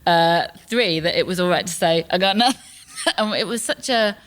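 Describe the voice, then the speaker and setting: A woman's voice: on the low side, normal speed, fairly bright tone. A woman hosting a podcast, reminiscing enthusiastically and laughing often in casual chat. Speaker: podcast host.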